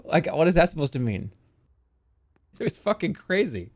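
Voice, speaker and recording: Young man, casual storytelling, rambling, sweary, panicky outbursts, slightly high voice. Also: very animated, moderate pace. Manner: rambling, swears a lot, restarts, jumps into loud panicked quotes. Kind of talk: casual storytelling, recounting a dream.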